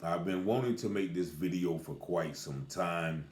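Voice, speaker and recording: Slow, very low-voiced man, echoey room. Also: darkish tone. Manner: deliberate, emphatic, pauses on key words. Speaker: commentator. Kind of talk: casual spoken commentary.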